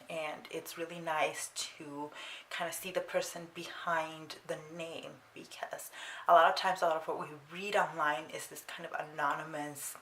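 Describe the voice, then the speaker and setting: A woman's voice: deep voice, fairly bright tone. Chatty young woman in a roomy space. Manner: chatty, with frequent ums and restarts. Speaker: book vlogger. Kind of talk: casual chat. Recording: roomy sound with faint noise.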